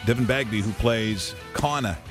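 A man's voice: on the low side, moderate pace, fairly bright tone, faint music behind. A male radio host who interviews a guest in an eager, rambling way, with many restarts. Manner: enthusiastic, rambling, lots of restarts.

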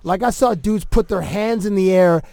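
A man's voice: high-pitched, creaky, dark tone, dry recording. A man hosting a podcast in casual chat, rambling and laughing easily with his guests. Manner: laid-back, rambling, quick laughs. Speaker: podcast host.

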